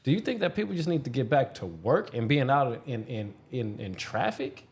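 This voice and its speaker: Male co-host, mid-pitched voice, stumbles and restarts as he builds a question. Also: animated, a little mellow. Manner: halting, stammering restarts. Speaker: podcast co-host. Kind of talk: casual chat.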